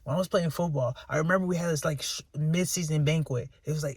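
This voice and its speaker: A man's voice: a little high, fast, few pauses, slightly rough, no echo, clean studio sound. A man, venting in a candid, self-critical, profane rant to his viewers. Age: 20s. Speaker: vlogger.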